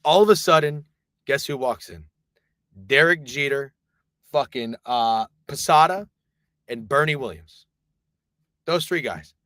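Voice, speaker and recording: A man streaming live, telling a long rambling story in casual, profane, animated talk. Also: medium pitch, measured pace, long pauses, dry recording, studio quality.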